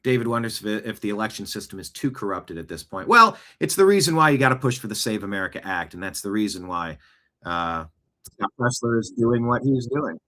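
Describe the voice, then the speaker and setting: A man's voice: lowish voice, animated, a little fast, pushed and bright. A man hosting a show, giving casual, rambling political commentary and reacting to clips, with conversational asides. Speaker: show host. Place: home studio, seated.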